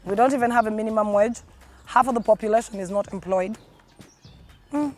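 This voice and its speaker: A woman's voice: a little high, brisk. A young woman with a Ugandan accent, ranting indignantly and sarcastically to her viewers with heavy emphasis. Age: young adult. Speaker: vlogger. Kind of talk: opinion rant to camera.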